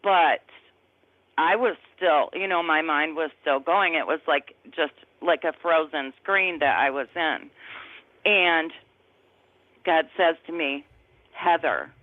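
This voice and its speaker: Speaking slowly in a low-pitched voice, a guest in her fifties recounts her personal testimony in conversation, earnest, emotional, and often reaching for words. The sound is tinny and phone-like, dry, with no echo.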